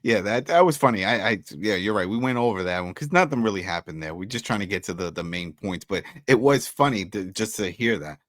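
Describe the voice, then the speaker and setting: Animated male TV recap co-host. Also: fairly low pitch, a little fast, few pauses, dry recording, studio quality. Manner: animated, acts out lines for laughs. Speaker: podcast co-host. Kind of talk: casual TV recap chat.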